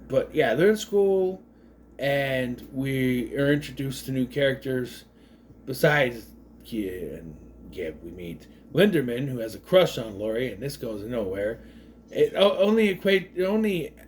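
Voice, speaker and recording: A man's voice: mid-range voice, a little hiss or hum. Man rambling through a movie recap. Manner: rambling, goes off on tangents; mimics characters' voices mid-story. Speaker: movie reviewer.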